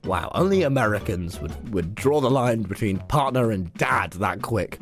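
A man's voice: on the low side, normal speed, hardly any pauses. A young man reading aloud and commenting with exasperated comedy. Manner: exasperated, animated. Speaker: streamer. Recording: background music.

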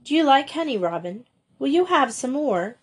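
A woman reading aloud voices a kindly, composed young headmistress who gives gentle, motherly instructions. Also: high-pitched, sing-song, moderate pace, pitched above the performer's own voice.

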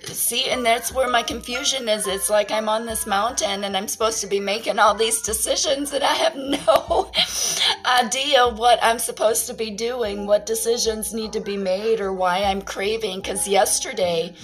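A woman's voice: fairly high pitch, fairly even intonation, moderate pace, soft background music, rough recording. Rambling woman doing a casual card reading. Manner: rambling, candid, swears casually. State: feeling scattered and confused. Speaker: tarot card reader.

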